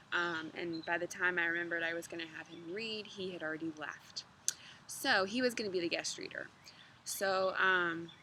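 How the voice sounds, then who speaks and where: Woman storybook reader, thirties, chatty, lowish voice, outdoors, faint background noise. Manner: relaxed, chatty with fillers between reading. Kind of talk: reading a children's book aloud. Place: outdoors in a yard with dogs.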